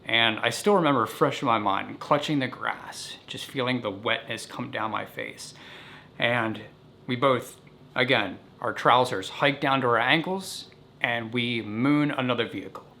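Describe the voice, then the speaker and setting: Bright-voiced man telling a story. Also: mid-range voice, measured pace, creaky, a little hiss or hum. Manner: animated, vivid recounting. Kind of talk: casual storytelling vlog.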